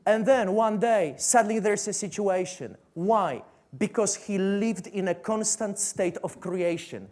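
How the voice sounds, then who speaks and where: On a stage before a seated audience, a man with a Polish accent gives a motivational talk as a coach. His voice is high and darkish, his pace measured, and he drives his point home with rhetorical questions and repetition.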